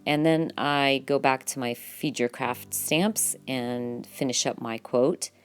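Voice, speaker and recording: A woman vlogger narrating her journaling process in a relaxed, chatty voice-over, full of fillers and quick self-corrections. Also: rumbling low, clear, resonant tone, soft background music.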